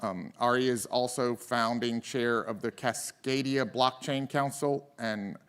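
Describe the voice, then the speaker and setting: A man's voice: medium pitch, steady tone, a little slow, fairly bright tone, smooth. A man emceeing a conference, introducing speakers in a playful, chatty way. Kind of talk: stage introduction. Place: conference stage.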